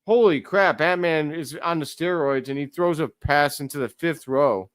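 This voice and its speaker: A man hosting a live stream, giving casual play-by-play commentary as an excitable fan who talks to his chat. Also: fairly high pitch, normal speed, clear, resonant tone, dry recording.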